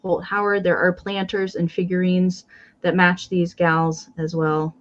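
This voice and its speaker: A woman's voice: lowish voice, level tone, a little slow, dull audio. A woman hosting a live-stream sale in a casual, chatty way, describing each item in detail with frequent ums and counting down bids.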